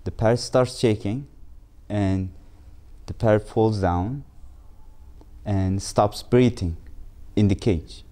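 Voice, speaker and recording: A man whose first language is Turkish, telling a fable as an instructor in a lesson, halting and restarting his phrases often. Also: fairly low pitch, warm tone. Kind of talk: storytelling lesson.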